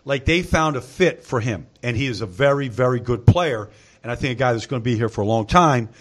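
A man at an everyday middle pitch explaining football tactics in a relaxed sports talk segment. He talks at length, often pausing to say "I mean" before the next point. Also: a little hiss or hum. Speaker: football analyst. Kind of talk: casual sports discussion.

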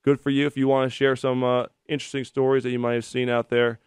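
A fast-talking man in his thirties with a smooth, medium-pitched voice runs a sports call-in radio show, chatting and storytelling between callers and getting lively during anecdotes. The recording is dry and studio quality, made with a studio microphone.

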